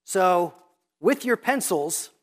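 A preacher in a church with a notably high-pitched voice. He teaches patiently and methodically, guiding his congregation through a scripture passage line by line as they mark their leaflets. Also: animated, slow pace. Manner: instructive, walking listeners step by step through a text. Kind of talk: sermon teaching Bible study method. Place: church sanctuary.

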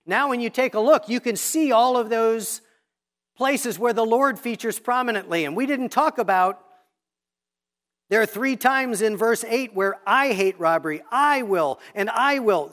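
A man's voice: very high-pitched, normal speed, fairly bright tone. A man preaching in a church, walking the congregation step by step through marking up a Bible passage. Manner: instructive, walking listeners step by step through a text. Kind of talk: sermon teaching Bible study method. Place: church sanctuary.

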